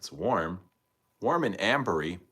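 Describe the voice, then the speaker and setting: A man with a lowish, bright voice hosts a casual live stream, chatting easily and thinking out loud. His pitch bounces around in an animated way as he talks straight to viewers by name. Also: a little slow, breathy edge. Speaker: livestream host reviewing fragrances.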